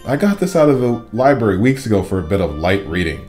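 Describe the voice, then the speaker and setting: A man's voice: fairly low pitch, very animated, quick pace, a little mellow, faint music behind. A man voicing a bossy, clever schoolgirl witch from a children's book, urgent and know-it-all. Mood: excited whisper.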